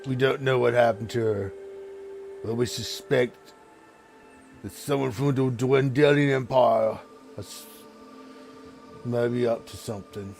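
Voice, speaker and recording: A man voicing a giant male ogre lord in a solemn baritone. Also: takes it slowly, gravelly, long pauses, a little mellow, a little hiss or hum. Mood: grave.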